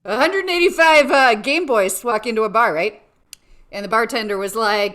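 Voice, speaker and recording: A woman's voice: a little high, moderate pace. A woman doing online improv comedy, telling playful joke setups. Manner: playful storyteller, lively delivery. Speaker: improv performer. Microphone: video call.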